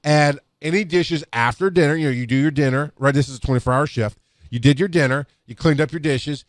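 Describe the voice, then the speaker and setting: A man's voice: fairly high pitch, a little fast, no room sound, studio quality. A middle-aged man, an EMS instructor telling rambling work stories into a podcast microphone, with many restarts. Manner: rambling, with restarts and acted-out quotes. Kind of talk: casual storytelling talk.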